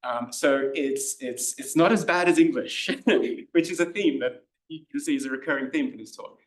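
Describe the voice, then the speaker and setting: A man's voice: fairly high pitch, normal speed. A young man giving an informal workshop talk, conversational and full of fillers and restarts, explaining language points to a class. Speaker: workshop presenter. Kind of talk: informal lecture. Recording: roomy classroom echo.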